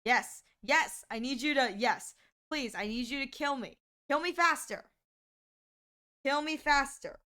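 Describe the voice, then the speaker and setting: High, bubbly woman streamer. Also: unhurried. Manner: excitable, giggly, frequent exclamations. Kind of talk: casual live-stream chat.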